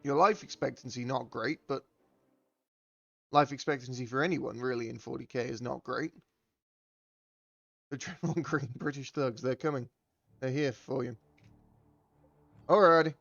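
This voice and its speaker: A man's voice: medium pitch, moderate pace, gravelly, pauses often, fairly bright tone, dry recording, highs cut off. A man casting a live game tournament with loose, joking play-by-play. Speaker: tournament caster.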